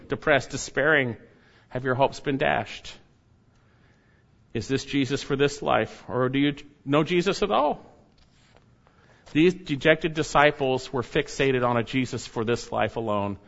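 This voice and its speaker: A man preaching a sermon, stressing key words loudly and dropping to quiet, low asides. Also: dull audio. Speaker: pastor.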